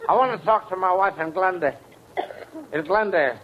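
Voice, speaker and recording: A man's voice: high-pitched, a little fast, close to an everyday voice. An actor playing a pushy, scatterbrained man who hogs a telephone, in a 1940s radio comedy, talking bossily. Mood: blustering. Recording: dull, hissy 1940s radio broadcast.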